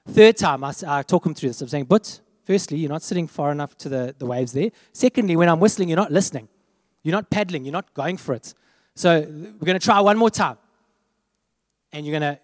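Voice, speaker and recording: A man telling a lively personal story as part of a sermon, acting out the voices of the people in it. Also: a little high, no room sound, clean studio sound, big-room sound. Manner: animated storytelling, acts out quoted voices. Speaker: preacher.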